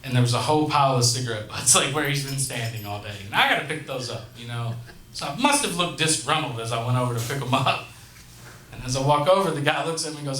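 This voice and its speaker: A man's voice: mid-range voice, expressive, a little fast, pushed and bright, slight background noise. A man in his thirties hosting a stand-up set in a comedy club, telling profane, conversational stories on a handheld mic. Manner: profane, conversational storytelling with crowd asides. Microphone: handheld stage microphone. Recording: echoey club room with crowd. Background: audience laughter.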